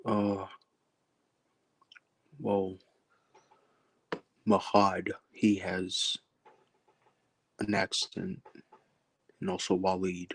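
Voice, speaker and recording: A man in casual chat, explaining his own characters in short, halting bursts. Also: deep voice, completely flat delivery, fairly bright tone, slight background noise.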